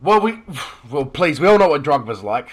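A man's voice: a little high, big pitch swings, normal speed. A man co-hosting a casual football chat, joking and swearing freely. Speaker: podcast co-host.

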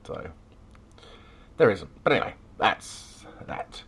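A man's voice: slow, fairly bright tone. An Australian man hosting a casual podcast chat, rambling with lots of fillers and frequent laughs. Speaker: podcast host.

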